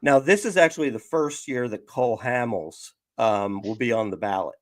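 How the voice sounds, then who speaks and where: A man's voice: medium pitch, moderate pace, no echo. Rambling fifty-something man, dry close sound. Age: 50s. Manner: rambling, filler-heavy. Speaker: podcast host. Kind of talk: casual sports chat.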